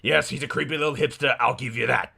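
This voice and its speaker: A man's voice: mid-range voice, steady tone, quick pace, gravelly, bright, forceful tone, husky, heavily acted. A man voicing a brash, boastful Australian company boss who reads out fan mail in character with a blustering, self-important manner. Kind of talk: comedic mail reading in character.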